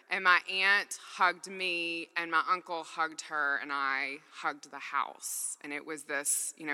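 Woman preacher, earnest and chatty storyteller, bright voice, pitch sitting a bit low. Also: in a large hall. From Mississippi, US. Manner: earnest, conversational, acts out dialogue. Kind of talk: sermon with personal storytelling.

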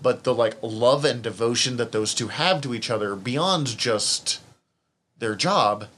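A man's voice: medium pitch, measured pace, fairly bright tone. A man co-hosting a podcast, chatting casually and candidly about a TV show, often rambling and emotional. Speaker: podcast co-host. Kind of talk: casual chat.

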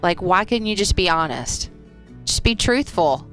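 A woman co-hosting a radio show, talking in a calm, matter-of-fact way at a studio mic. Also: fairly low pitch, measured pace, faint music behind. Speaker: radio co-host. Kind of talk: casual radio chat. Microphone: studio microphone.

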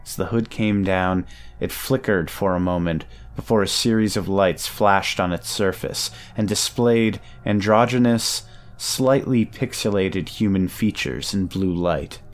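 A man narrating a first-person audio drama in a measured storytelling way. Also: sits low, soft background music. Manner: measured storytelling, nervous stammer in own lines.

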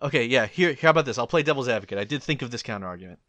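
Animated laughing man, bright dry voice. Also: medium pitch, very fast, dry recording. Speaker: podcast co-host. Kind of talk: casual anime discussion.

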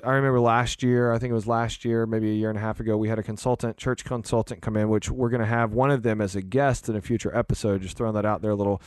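A man's voice: on the low side, fairly even intonation, quick pace, few pauses, no room sound, studio quality. A man hosting a podcast, talking earnestly in a casual, rambling way with fillers and restarts. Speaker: podcast host, church leader.

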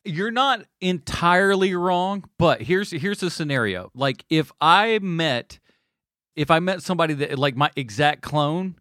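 A man hosting a casual podcast chat, rambling and animated as he reads listener questions. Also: on the high side, measured pace, no echo, clean studio sound.

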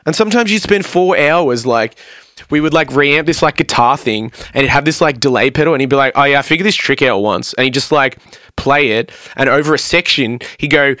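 A man's voice: mid-range voice, fairly quick, pushed and bright, dry recording. A man chatting casually on a podcast, rambling through studio stories with a lot of "like" and acted-out quotes. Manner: rambling storyteller, heavy use of "like", acts out quotes. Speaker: podcast guest, vocalist and producer. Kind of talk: casual chat.

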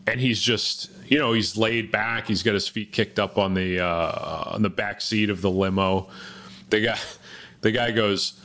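A man's voice: lowish voice, fairly even intonation, unhurried, a bit bright. A man co-hosting a podcast, chatting casually about a film in a laid-back, rambling way with lots of fillers. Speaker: podcast co-host. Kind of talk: casual chat.

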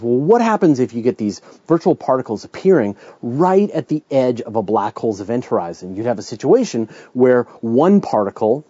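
A man's voice: medium pitch, warm tone, breathy edge, dry recording, dull audio. Chatty Canadian man explaining science. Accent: Canadian English. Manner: chatty, thinks aloud with restarts and asides. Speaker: podcast host answering listener questions. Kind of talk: casual explanatory talk.

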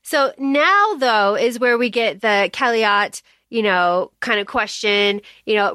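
A woman's voice: a little high, lively intonation, slow, hardly any pauses, bright, forceful tone, no echo, clean studio sound. A woman co-hosting a podcast, chatting casually about a book, laughing and acting out quoted lines. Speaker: podcast co-host.

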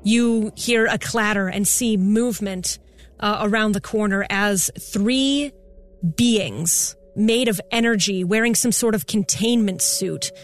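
A woman's voice: mid-range voice, slow pace. A woman narrating a tabletop game as game master, in a casual way full of fillers. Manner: casual, with many "like" and "kind of" fillers.

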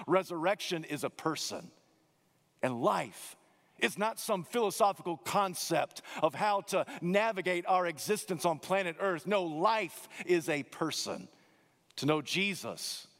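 A man preaching a sermon, emphatic and dramatic, swinging his pitch and slowing down on key words. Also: a bit bright. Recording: long hall reverb.

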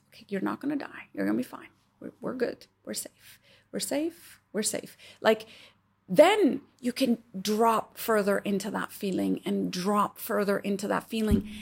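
A woman giving a reflective talk about feeling emotions, earnest and slowing down to stress key words. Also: medium pitch, vocal fry. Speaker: wellness speaker.

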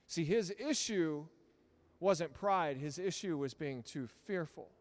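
A man, a pastor, preaching a sermon in a church, moving between hushed storytelling and loud, emphatic peaks. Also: on the high side, lively intonation, takes it slowly. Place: church sanctuary.

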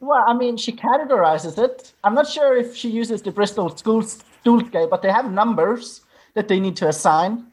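Woman co-host, higher voice, calm easy chat. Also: normal speed, slightly rough. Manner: calm, wraps up the show. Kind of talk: casual chat.

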